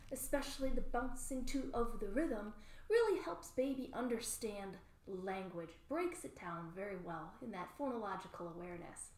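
A woman's voice: fairly high pitch, reverberant. A woman librarian leading a baby lap-sit storytime from home, talking cheerfully and singing rhymes. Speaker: children's librarian. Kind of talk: storytime lesson with songs and rhymes.

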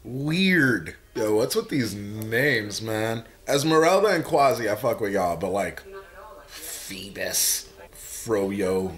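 A man giving a casual, profane reaction commentary while watching a movie, blurting out excited remarks. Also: mid-range voice, a little slow. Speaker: reaction video host.

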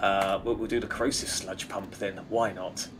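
A man's voice: sits low, flat delivery, moderate pace, background noise. A man streaming a co-op game, chatting casually, rambling with restarts and giggles. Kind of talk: casual gameplay chat.

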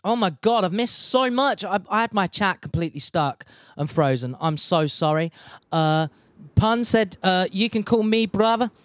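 A young man talking loosely through a game stream, reading viewers' messages aloud between moves. He swears freely and laughs at his own slips, and his voice sits a little high for a man. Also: expressive, moderate pace, fairly bright tone, dry recording, clean studio sound. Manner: chatty and sweary, laughs at himself. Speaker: gaming streamer.

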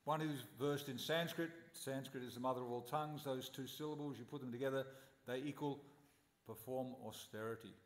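A man's voice: mid-range voice, fairly even intonation, fairly quick, reverberant, long reverb tail. A man giving a scripture class at a temple, telling stories animatedly and posing rhetorical questions. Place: temple hall.

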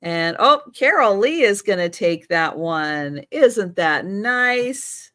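A woman's voice: mid-range voice, expressive, drawn-out words, a bit bright, dry recording, clean studio sound. A middle-aged woman hosting a live vintage sale, chatting casually and talking to her pets between items. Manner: chatty, talks to her pets in baby talk. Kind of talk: casual live selling chat.

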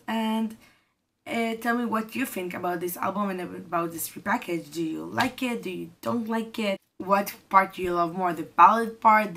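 A woman's voice: mid-range voice, fairly bright tone. Gushing young woman reacting to music. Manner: gushing, exclaims often, non-native phrasing. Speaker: K-pop reaction vlogger. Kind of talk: casual reaction commentary. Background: faint music playing.

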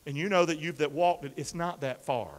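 A male pastor preaching an animated call-and-response sermon, coaxing the congregation to repeat after him and using football pep-talk imagery. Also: on the high side, a little fast. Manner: energetic, coaxes the congregation to repeat lines. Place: church sanctuary with a congregation. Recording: long reverb of a large church hall.

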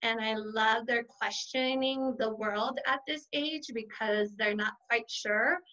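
A middle-aged kindergarten teacher gives casual interview answers, warmly and animatedly telling stories and acting out what others said. Her bright, forceful voice sits a little high, and she speaks slowly. The sound is dull and lo-fi.

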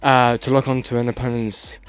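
A man's voice: mid-range voice, little pitch movement, brisk, clean tone, soft background music. Tired, exasperated gaming man. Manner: frustrated, exasperated, rambling with swearing. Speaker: let's play host. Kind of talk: casual gaming commentary.

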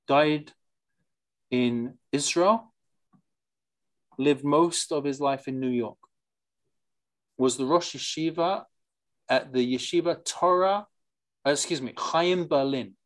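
A teacher leading a study class in an informal lecture. The teacher reads passages aloud, explains them with quick asides, drops in Yiddish and Hebrew terms, and keeps asking the class questions. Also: mid-range voice. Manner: lively and digressive, asks the class questions.

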